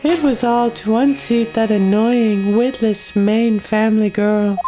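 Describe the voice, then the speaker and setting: A woman voicing a scheming, proud older woman villain in a game playthrough, talking slowly and with menace. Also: fairly high pitch, fairly even intonation, voice pushed up, close to an everyday voice, poor audio. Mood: gloating. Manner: slow, gloating, menacing. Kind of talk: video game voice-acting playthrough. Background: loud game music.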